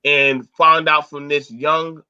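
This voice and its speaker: A man's voice: on the high side, flat delivery, slow, pushed and bright, smooth. A man hosting a casual online panel, talking bluntly and profanely with lots of animation. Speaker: host. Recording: dull lo-fi sound.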